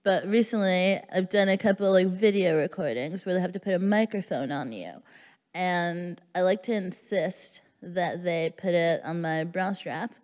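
A woman's voice: lowish voice, normal speed, a little mellow. A woman co-hosting a live comedy podcast on stage, cracking sassy jokes. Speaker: guest co-host. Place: live stage in a concert hall. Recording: reverb of a live concert hall.

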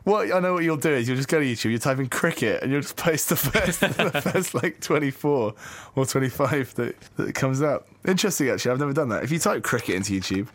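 A man co-hosting a casual cricket podcast, cracking deadpan jokes. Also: medium pitch, fast talker, hardly any pauses. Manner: jokey, deadpan quips. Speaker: podcast co-host.

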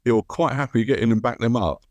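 A man hosting a podcast, chatting in a relaxed, agreeable way. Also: mid-range voice, fast talker, no echo. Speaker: podcast host. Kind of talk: casual conversation.

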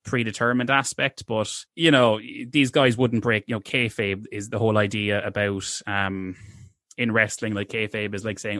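A man chatting through a history tale on a podcast, his voice sitting a bit low. He rambles and doubles back, full of fillers and self-corrections, in a close, dry-sounding recording. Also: fairly even intonation, moderate pace, a bit bright, dry recording. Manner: rambling, digressive storyteller with many fillers and restarts. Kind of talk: casual history chat.

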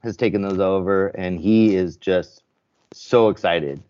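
Male guest, low register, easygoing storyteller with lots of restarts; dull lo-fi recording. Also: unhurried, a little mellow. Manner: chatty storyteller, lots of "you know" and restarts. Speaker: guest, vending business owner. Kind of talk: casual interview chat. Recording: dull lo-fi audio.

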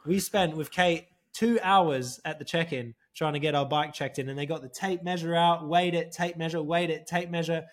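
A man co-hosting a casual podcast, telling animated stories, swearing freely and calling people "mate". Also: a little high, normal speed, hardly any pauses. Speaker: podcast co-host. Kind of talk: casual chat.

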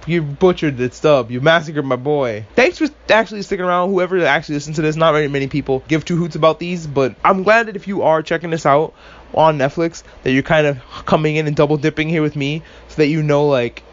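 A man with a fairly high voice talks through a show in a loose podcast recap, animated and sarcastic and quick to curse. The recording sounds dull and lo-fi. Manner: animated, swears a lot, sarcastic asides. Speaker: podcast host. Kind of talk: casual episode recap.

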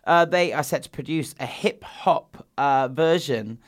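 A woman's voice: low voice, a little slow. A woman hosting a casual chat, reading out lists and laughing often. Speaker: podcast host.

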